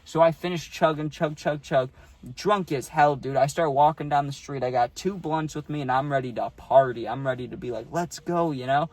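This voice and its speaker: A man's voice: fairly high pitch, a little fast, a little mellow, dry recording. A man casually telling a story for his vlog, laid-back and slangy, saying "dude" a lot, recorded outdoors on a phone. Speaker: YouTube storyteller. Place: outdoors on a hot day.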